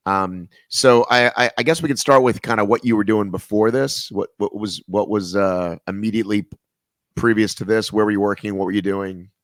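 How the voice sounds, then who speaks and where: A man hosts a relaxed chat, joking and wandering off on tangents. His voice sits fairly low, and the sound is dry and close. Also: brisk, no echo. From American South. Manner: rambling, jokey, goes off on tangents. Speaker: podcast host. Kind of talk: casual video-call interview.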